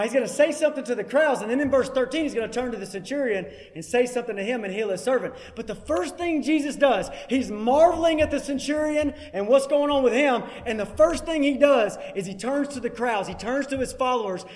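A man's voice: very high-pitched, animated, quick pace, few pauses, a little mellow. A man preaching a sermon, emphatic and repeating key phrases for weight. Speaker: pastor. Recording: long hall reverb.

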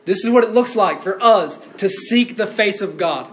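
A man's voice: high voice, normal speed. A man preaching a sermon in an earnest way, rising to fervent cries when quoting.

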